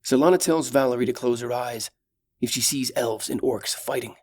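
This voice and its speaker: Brief: male audiobook narrator, steady and dramatic, mid pitch. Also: moderate pace.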